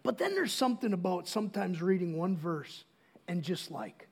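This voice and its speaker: A man's voice: high voice, lively intonation, normal speed, husky. A middle-aged man preaching a sermon as pastor, casual and joking, often restarting his sentences.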